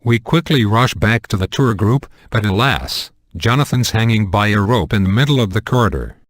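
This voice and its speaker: A man narrates a spoof horror story in a flat, deadpan way, and the crude jokes land without any change of tone. His voice sits on the low side and sounds dry and close to the mic. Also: normal speed, no echo. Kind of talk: amateur comedic horror story reading.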